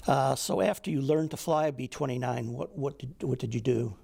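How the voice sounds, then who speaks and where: A man interviewing a veteran, gently prompting him with questions. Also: mid-range voice, lively intonation, brisk, vocal fry, husky. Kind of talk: oral history interview.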